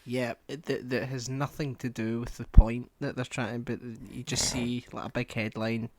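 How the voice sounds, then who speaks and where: A young man from Scotland with a Scottish accent, co-hosting a podcast in casual chat, deadpan and wry, swearing freely. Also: medium pitch, normal speed, dry recording. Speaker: podcast co-host.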